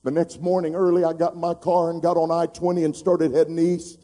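A middle-aged preacher tells a heartfelt personal story from the pulpit, swinging between hushed moments and loud, fervent exhortation. His voice sits a little high for a man and sounds mellow and dark. A long reverb rings through the large church sanctuary. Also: flat delivery, fairly quick. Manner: emotional, building to loud preaching. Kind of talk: sermon storytelling.

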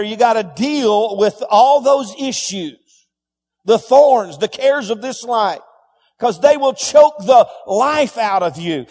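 A man's voice: very high-pitched, darkish tone. A man preaching a sermon, calling the congregation to repeat phrases and crying out scripture. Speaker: pastor. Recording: long hall reverb.

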